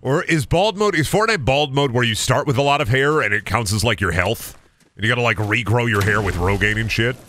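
A man's voice: mid-range voice, brisk, sharp tone, slight background noise. A young man streaming a video game, chatting casually, goofing around and swearing often. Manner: goofy, swears a lot, does silly voices and noises. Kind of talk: casual gaming stream chat.

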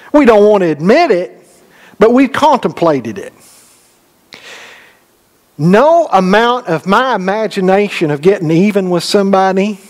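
A man preaching a sermon in a church, his voice sitting a little higher than most men's. He talks to the congregation in a plain, conversational way, full of rhetorical questions. He moves from emphatic exhortations to low, quiet storytelling. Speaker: pastor. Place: church sanctuary.

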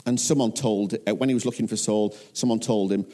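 Animated English man preaching a sermon. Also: on the low side, fairly quick. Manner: animated storytelling, acting out scripture voices. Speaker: pastor.

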